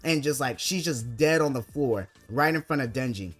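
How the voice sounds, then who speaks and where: A man's voice: mid-range voice, lively intonation, normal speed. A young man recapping an anime plot in casual commentary, rambling with constant filler words. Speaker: anime video essayist.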